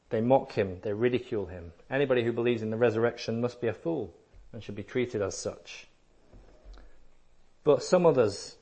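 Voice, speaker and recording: A man's voice: medium pitch, a little mellow. A man preaching a sermon, emphatic and repetitive, sometimes acting out listeners in a lighter voice.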